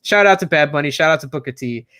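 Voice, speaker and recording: A man with a notably high voice rants about wrestling in a loose, animated way. He keeps stacking up "like" and "bro" as he gets worked up. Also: fast talker, clear, resonant tone. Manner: animated ranting, says "bro" and "like" often. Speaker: wrestling show co-host. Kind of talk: casual podcast chat.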